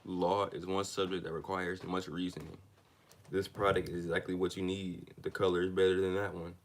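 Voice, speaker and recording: A man's voice: sits low, little pitch movement, a little fast. A man reading a self-help book aloud, stumbling and restarting on words, then drifting into loose, slangy asides.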